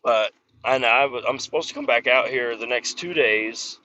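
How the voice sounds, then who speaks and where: A man's voice: mid-range voice, normal speed, pushed and bright, lo-fi sound, a little hiss or hum. Foul-mouthed man ranting in a car. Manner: profane, exasperated griping. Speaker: podcast host. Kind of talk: casual solo rant. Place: in a car while driving.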